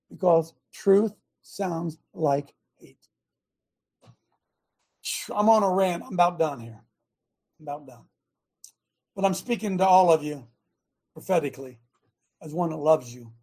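An older man preaching with fervor on a talk show, his voice pitched high for a man. The tone is dark and mellow with a husky edge. He swings from forceful declarations to low, confiding asides. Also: sing-song, moderate pace, pauses often. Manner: fervent, emphatic, swings between loud and quiet. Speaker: show host, former football coach. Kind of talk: impassioned preaching rant.

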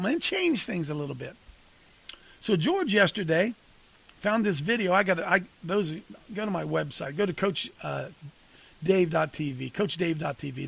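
A man with a gravelly, somewhat husky voice leads a men's group like a casual preacher. He talks conversationally and punchily, turning to listeners by name. His pitch sits a little high for a man. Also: fairly bright tone. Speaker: coach leading a men's ministry group.

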